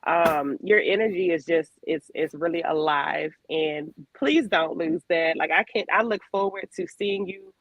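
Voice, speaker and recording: A woman's voice: lowish voice, a little slow, hardly any pauses, no room sound, low-quality recording. A woman from Maryland hosting a radio talk show, chatting casually and laughing often. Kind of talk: casual interview chat.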